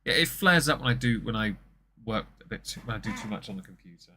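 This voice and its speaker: A man's voice: fairly low pitch, animated, fast talker, pushed and bright, a little hiss or hum. A man from southern England with a posh southern English accent, co-hosting a casual political commentary chat, wry and chatty with a slight stammer now and then. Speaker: podcast co-host.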